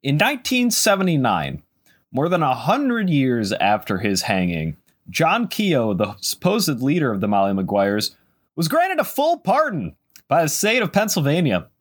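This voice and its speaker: A man hosting a podcast, telling a history story in casual chat, animated with sarcastic asides. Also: a little high, moderate pace.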